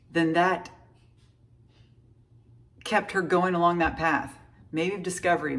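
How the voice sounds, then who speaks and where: A young woman talks casually about faith to her viewers, chatty and animated with lots of fillers. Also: fairly low pitch. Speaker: faith vlogger. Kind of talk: casual faith talk to camera.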